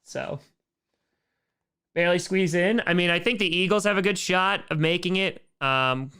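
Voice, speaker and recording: A man's voice: sits high, moderate pace, sharp tone, clean tone. A man hosting a casual livestream Q&A, reading out viewer questions and answering in a chatty way that repeats phrases.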